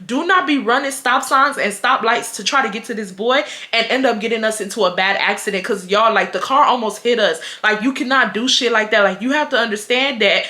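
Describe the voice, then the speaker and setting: A young woman from Houston, telling a story to her viewers in a blunt, animated, profane way with frequent laughter. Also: on the high side, a little fast, few pauses, echoey room. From Houston, Texas. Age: 20s. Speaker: vlogger. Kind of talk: casual storytime.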